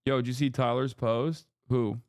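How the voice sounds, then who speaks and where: Swearing freely, a streamer host rants and rambles animatedly through his livestream commentary. His smooth, clear mid-range voice moves at a moderate pace, recorded close and dry with no room sound.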